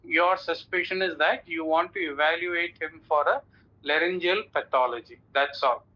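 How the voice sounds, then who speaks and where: A man's voice: a little high, normal speed. A man teaching a clinical case, instructive and repeating his points firmly. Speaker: oncology teacher. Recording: dull lo-fi sound.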